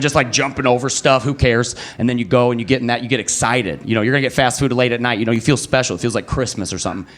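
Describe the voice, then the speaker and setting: A young man works a club crowd in a stand-up set. He tells his story at an easy pace, then jumps his voice high and loud whenever he plays someone else in it. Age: young adult. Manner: animated storyteller who jumps high to act out other people. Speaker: stand-up comedian. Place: comedy club stage. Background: live audience.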